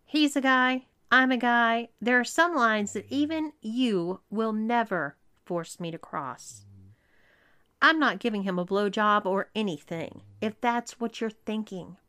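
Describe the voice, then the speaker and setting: A flustered young man who protests and pleads, read slowly by a woman doing his lines in a storybook. The voice sits high and unhurried, with little change from the reader's own. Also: sharp tone, clear, resonant tone. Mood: protesting. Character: flustered young man pushed into dating a guy.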